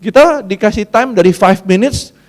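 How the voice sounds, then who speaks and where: A man's voice: high voice, expressive, a little fast. A male pastor, preaching a sermon as a chatty personal story. He laughs often and slips fillers into his English.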